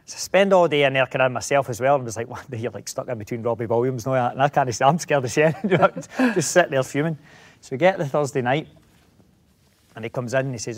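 Fast-talking Scottish man telling stories. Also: medium pitch. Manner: rambling anecdotes full of restarts. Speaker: actor, interview guest. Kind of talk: casual interview storytelling.

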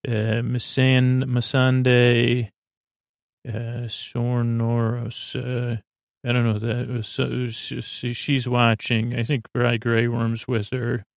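A man's voice: medium pitch, completely flat delivery, takes it slowly, vocal fry, dry recording, studio quality. A man hosting a sleep-aid podcast, recapping an episode in a meandering, hesitant way as he thinks aloud. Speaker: podcast host.

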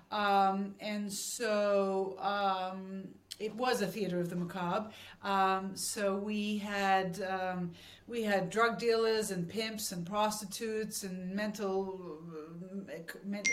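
A woman telling stories as a guest actress, chatty and laughing often. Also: medium pitch. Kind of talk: casual storytelling interview. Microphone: remote call mic. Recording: roomy echo from a distance.

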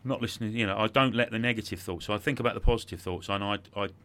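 A man's voice: fairly low pitch, racing, pushed and bright. A middle-aged man, a podcast guest, telling an emotional story in conversation, reflective and repeating words when moved.

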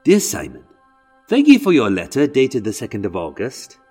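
A man's voice: mid-range voice, wildly swooping pitch, moderate pace, mellow, husky, soft background music, full character voice. A man putting on a Welsh accent to read out a letter in a mock-earnest, lilting way. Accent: put-on Welsh.

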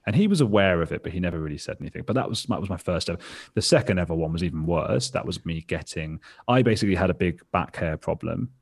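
A man in his early thirties talks as a guest on a podcast, with a very low voice. He rambles through his stories in a self-mocking way, laughing and swearing casually. His tone has a husky, breathy edge. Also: animated, fast, few pauses, no echo, clean studio sound. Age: 30s. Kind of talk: casual interview chat.

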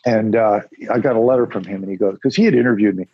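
A fast-talking man with a husky, fairly low voice tells rambling, casual stories as an interview guest, imitating those he quotes. He's a musician and former radio announcer, recorded with dull audio and no echo.

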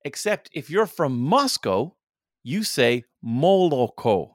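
A man in casual podcast conversation, his voice sitting at an ordinary middle pitch. He tells rambling, chatty stories with playful asides. The sound is dry and close, with no room around it. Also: expressive, fairly quick, a bit bright, no echo.

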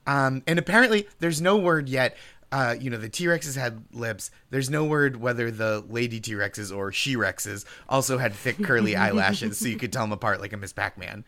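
Male comic guest, bright and animated, laughs at his own bits. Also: mid-range voice, normal speed. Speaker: comedy podcast guest. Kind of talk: comedic panel banter.

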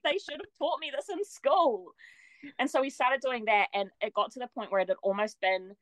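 A young woman tells her story as a podcast guest, bubbly and laughing often. She acts out quoted lines with playful shifts. Her voice sits a little high, and the sound is dry. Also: normal speed, dry recording, poor audio. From New Zealand. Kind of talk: casual storytelling.

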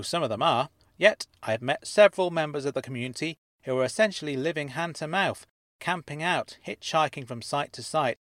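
A man tells a first-person mystery story in a calm, steady voice, lending the same plain voice to the other characters' lines. His pitch sits in the middle range for a man. The recording is close and dry, with no room sound. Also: no room sound. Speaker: narrator. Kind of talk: scripted audio drama narration.

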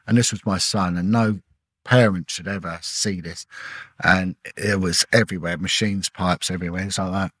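Husky, low-voiced man telling a story. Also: steady tone, a bit bright, dry recording. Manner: halting, repeats words, acts out quoted dialogue. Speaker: podcast guest, former police detective. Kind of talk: emotional personal storytelling.

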